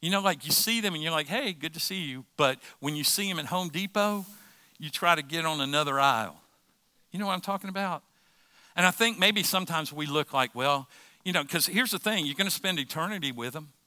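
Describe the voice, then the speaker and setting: A man's voice: fairly high pitch, a little fast, sharp tone, no room sound. A middle-aged man preaching a sermon as pastor, impassioned and repeating phrases for emphasis.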